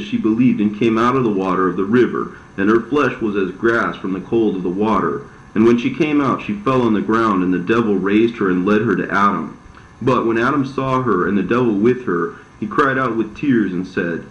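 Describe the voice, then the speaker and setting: A man giving a steady, solemn scripted reading of an ancient religious text. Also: fairly low pitch, moderate pace. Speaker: scripture reader. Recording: roomy, slightly dull recording.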